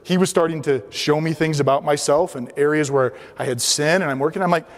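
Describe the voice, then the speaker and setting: A man's voice: fairly high pitch, brisk. A middle-aged man with a slightly raised voice gives a storytelling lecture. He talks in a chatty, self-deprecating way and acts out the dialogue he quotes. His voice rings with the long reverb of a lecture hall. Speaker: guest lecturer.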